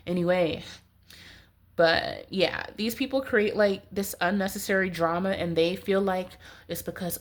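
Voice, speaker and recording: A woman's voice: medium pitch, slow pace, pauses often. A woman with a stuffy, nasal voice giving a casual tarot reading, rambling with many "like"s. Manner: rambling, heavy use of "like". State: stuffy nose, congested. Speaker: tarot reader.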